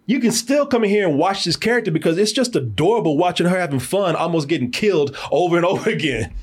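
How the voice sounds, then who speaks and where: Male podcast host, slightly high voice, very lively delivery, casual review banter. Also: fast talker, a little hiss or hum. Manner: animated, laughs a lot, repeats words, says "man" often. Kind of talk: casual movie review chat.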